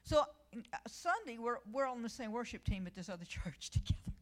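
A woman's voice: on the high side, very animated, normal speed. A middle-aged woman preaching a sermon, telling personal stories and reading scripture with rising emphasis.

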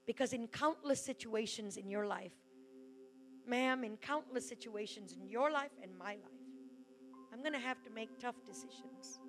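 A woman preaching a sermon in a church hall, loud and fervent, with quick asides and restarts. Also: on the high side, slight background noise.

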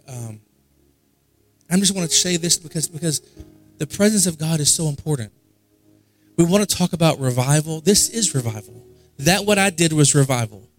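A man preaching at a worship night, his voice sitting a little high. He tells his story casually and circles back on his phrases for emphasis. Quiet music plays softly under him. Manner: conversational storytelling with repetitions. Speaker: pastor. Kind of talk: sermon. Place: church service.

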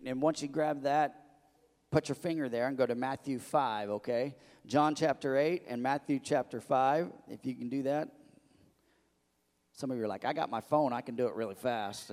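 A male pastor preaching a lively sermon, slowing down to read scripture and leading the congregation in call-and-response. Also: mid-range voice, in a large hall.

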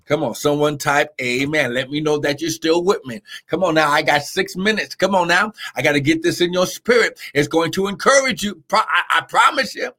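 Fervent bright-voiced preacher man. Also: fairly high pitch, moderate pace, few pauses. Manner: fervent, repeats "how glory" and "come on now"; talks to online viewers by name. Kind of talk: live-streamed sermon.

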